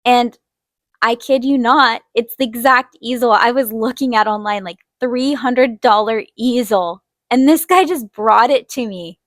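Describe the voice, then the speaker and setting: A young woman hosting an art video, telling a personal story in a chatty way and acting out quotes in a higher voice. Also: a little slow, no room sound, clean studio sound. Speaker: art channel host. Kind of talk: casual storytelling while drawing.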